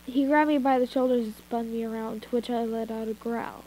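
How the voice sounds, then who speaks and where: A woman's voice: a little high, steady tone, fairly quick, highs cut off. A woman reading fanfiction aloud in an informal way, breaking off for asides and retakes, recorded on a phone. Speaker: fanfiction reader. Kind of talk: amateur story reading.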